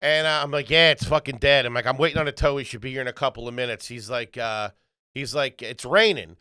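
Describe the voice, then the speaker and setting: A man co-hosting a podcast, telling a profane, animated story full of quoted voices in casual chat. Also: mid-range voice, quick pace, clear, resonant tone, no room sound, studio quality. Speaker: podcast co-host.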